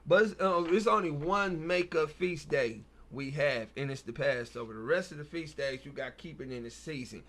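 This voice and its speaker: A man's voice: a little high, moderate pace, few pauses, a bit bright. A man, hosting a casual Bible study, reading verses aloud and then riffing on them in loose, slangy talk. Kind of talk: casual scripture reading and commentary.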